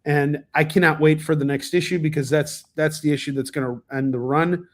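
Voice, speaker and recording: This comic book reviewer hosts a relaxed livestream, talking a little fast in a fairly high, steady voice. He rambles eagerly, restarting often, using plenty of fillers and coughing now and then.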